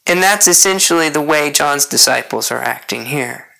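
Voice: medium pitch, expressive, moderate pace, gravelly, bright, forceful tone, rough recording. A preacher delivering a sermon, earnest, repeating key points and putting rhetorical questions to the congregation.

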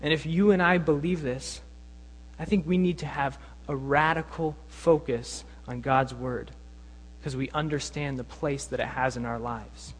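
An earnest young male preacher teaches with emphatic conviction. His voice sits high for a man. Long reverb hangs around every phrase in the church hall. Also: fairly even intonation, unhurried, slight background noise. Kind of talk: sermon.

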